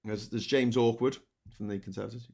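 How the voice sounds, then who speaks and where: A man's voice: fairly low pitch, fairly even intonation, a little fast, gravelly, darkish tone, husky. A British man hosting a live stream, chatting casually with sarcastic jokes and playful asides. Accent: British English. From Britain. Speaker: livestream host.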